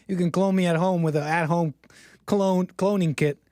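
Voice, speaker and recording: A man's voice: high voice, fairly even intonation, moderate pace, a little mellow, no room sound, studio quality. A man hosting a livestream, joking and self-mocking as he talks to his chat. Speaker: streamer host. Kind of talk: casual livestream monologue.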